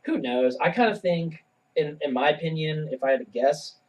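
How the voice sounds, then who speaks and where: A man hosting a casual sports podcast, laid-back and quick with short agreements. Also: fairly high pitch, distant mic, dull audio. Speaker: podcast host.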